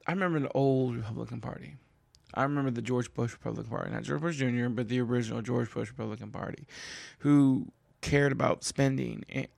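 A man's voice: gravelly, dry recording, studio quality. A man from Kentucky hosting his own show, ranting about politics in a casual, exasperated way, his voice leaping up for emphasis. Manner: animated and exasperated, jumps high in pitch for emphasis. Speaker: political commentary show host. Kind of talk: casual solo political rant.

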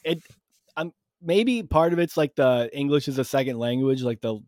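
A man's voice: medium pitch, moderate pace, a little mellow, dry recording, studio quality. A male podcast host telling a casual, rambling story with plenty of swearing and self-mocking jokes.

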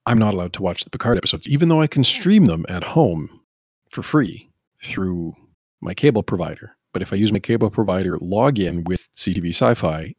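A man co-hosting a casual podcast chat, rambling and riffing with animated asides. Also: low voice, breathy edge, no room sound, clean studio sound.

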